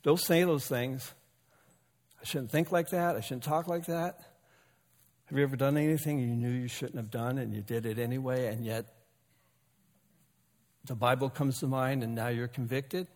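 A man's voice: mid-range voice, steady tone, normal speed, pauses often, a little mellow, big-room sound. A male pastor delivering a sermon in a folksy, conversational way, joking with and calling out to his congregation. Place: church sanctuary.

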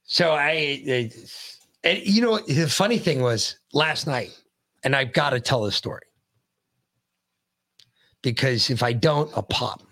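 A man's voice: mid-range voice, animated, a little slow, pauses often, a bit bright. An American man co-hosting a podcast, telling a story in heated, profane, ranting bursts. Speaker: podcast co-host. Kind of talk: casual chat.

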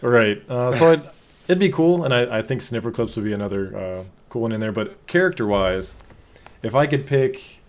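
A man's voice: medium pitch, expressive, normal speed. A man co-hosting a casual gaming chat, hesitant and full of fillers, putting questions to the others. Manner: hesitant, lots of fillers, asks the group questions. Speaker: podcast co-host.

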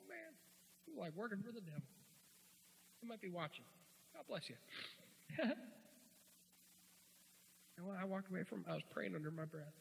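Male preacher, folksy and joking, fairly high gravelly voice, ringing hall reverb. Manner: folksy, joking, swings from quiet asides to loud shouts. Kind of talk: sermon.

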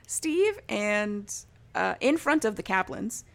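This young woman recaps a TV show for a podcast in a mid-range, sing-song voice that's creaky and extremely slow. She's chatty, says "like" constantly, and laughs a lot.

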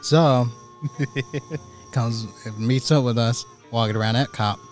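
A man co-hosts a loose, crude podcast from somewhere outdoors at night. He jokes constantly and breaks into laughter between lines. Faint music sits low in the background. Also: takes it slowly. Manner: laughs often, jokey, crude. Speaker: podcast co-host. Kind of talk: casual chat.

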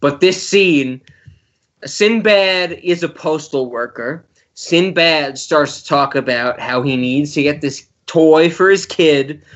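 A man's voice: a little high, slow pace, fairly bright tone, dull audio. A man co-hosting a podcast, making emphatic, opinionated points in casual banter. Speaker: podcast co-host.

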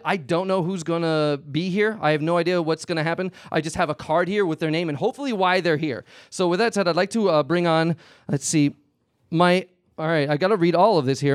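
A man's voice: sits high, no echo, studio quality. A man hosting a live comedy show, flustered and stammering.

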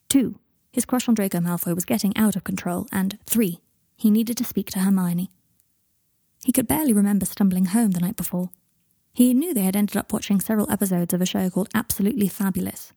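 A woman narrating an audiobook in an even storytelling manner on a close microphone. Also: mid-range voice, no room sound.

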